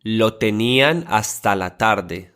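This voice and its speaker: A man reading example sentences slowly and carefully for learners, often saying each one twice. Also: on the low side, a bit bright, clean tone. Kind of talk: slow model pronunciation.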